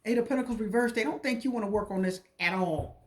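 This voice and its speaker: A woman's voice: medium pitch, fast talker. A woman giving a casual, repetitive and emotional tarot reading. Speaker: tarot reader.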